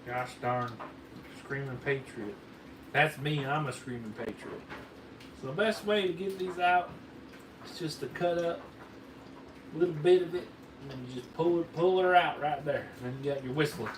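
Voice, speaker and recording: A man with a slightly high voice talks at a moderate pace and pauses often. Putting on a Southern drawl, he hosts a fireworks video, rambling and joking in a folksy way as he demonstrates things hands-on for a camera operator. The camera mic picks him up from a distance in a roomy space with faint noise.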